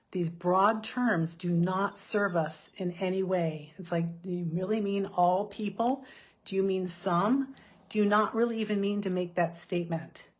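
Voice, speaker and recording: A middle-aged woman giving a chatty motivational talk, self-deprecating and quick to laugh. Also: lowish voice, husky. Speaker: speaker.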